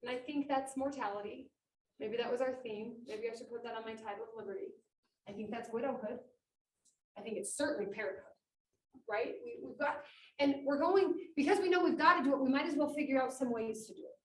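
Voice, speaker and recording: Animated woman speaking in an echoey room. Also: on the high side, a little fast. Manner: animated, acting out quoted speech. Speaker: conference speaker. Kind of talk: inspirational talk. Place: meeting room with about twenty people. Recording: echoey room, mic far off, faint noise.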